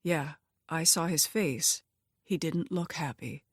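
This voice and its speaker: Woman doing a calm, teasing homeless man. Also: low voice, slow pace, husky, no room sound, clean studio sound, exaggerated voice. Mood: concerned. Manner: calm, easygoing.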